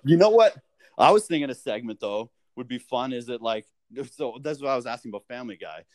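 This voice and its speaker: A man's voice: medium pitch, animated, brisk, darkish tone, no room sound. Laid-back male guest telling anecdotes. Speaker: guest, professional golfer. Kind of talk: casual chat.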